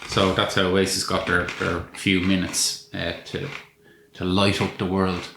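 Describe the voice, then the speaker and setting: A man's voice: deep voice, completely flat delivery, a little slow, vocal fry. A man co-hosting a podcast, reviewing a film in a casual, wry and sweary way. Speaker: podcast co-host. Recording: echoey room with faint noise.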